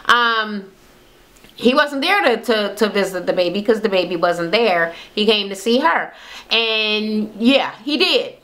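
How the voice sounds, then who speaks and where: A woman's voice: mid-range voice, animated, measured pace, a bit bright. A woman casually recapping a reality TV show, sassy, gossipy and heavily profane.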